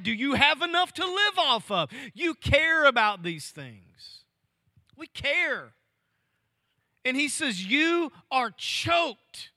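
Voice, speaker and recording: High-voiced pastor preaching with dramatic swings. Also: male voice, bright, forceful tone, no room sound. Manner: preaching with sweeping swings of pitch and volume, dropping to near-whispers. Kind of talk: sermon. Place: church.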